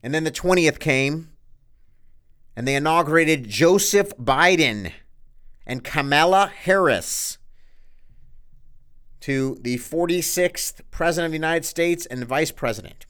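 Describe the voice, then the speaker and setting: A man hosting his own news show as a pastor, delivering an impassioned, sarcastic monologue that swings between loud outbursts and hushed asides. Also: on the high side, animated, measured pace, long pauses, clear, resonant tone. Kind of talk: political news commentary monologue.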